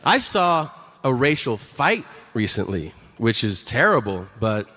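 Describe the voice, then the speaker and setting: A man's voice: medium pitch, sing-song, a little slow, big-room sound, very noisy. A man performing a stand-up comedy set with sarcastic, mock-boastful, profane punchlines.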